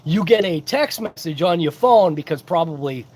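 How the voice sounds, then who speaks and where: A man's voice: a little high, lively intonation, normal speed, darkish tone. A man hosting a casual livestream who rambles along and greets chat viewers by name. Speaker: host of a hobby livestream. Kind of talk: casual live-chat unboxing.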